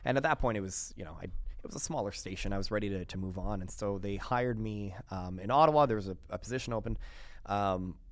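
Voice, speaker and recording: A young man from Quebec, a radio host guesting on a podcast, talking in a chatty, animated way with many restarts. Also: fairly low pitch, fast talker, no room sound. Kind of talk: casual interview chat.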